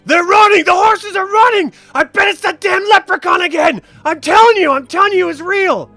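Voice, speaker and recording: A man voicing a panicked male gang member who yells frantically, much higher and louder than his own voice. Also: normal speed, soft background music, heavily acted. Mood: panicked yelling. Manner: yelling frantically.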